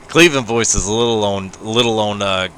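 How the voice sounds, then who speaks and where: Streaming a farming game live late at night, this laid-back gamer chats casually with viewers, laughs often, and adds "man" after many of his phrases. He has a fairly low, fairly bright voice, and there's a little hiss or hum in the recording.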